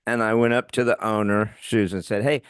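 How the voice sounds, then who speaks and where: A middle-aged man co-hosting a podcast, telling a story in a casual, animated way and laughing often as he talks. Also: on the low side, a little fast, smooth, no room sound, studio quality. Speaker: podcast co-host.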